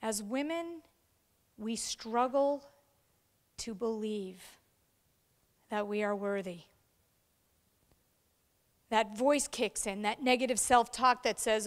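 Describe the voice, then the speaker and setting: Speaking slowly with frequent pauses, this middle-aged woman has a voice on the high side and a long reverb tail from the large event hall. As keynote speaker she delivers a storytelling speech, voicing the people she quotes.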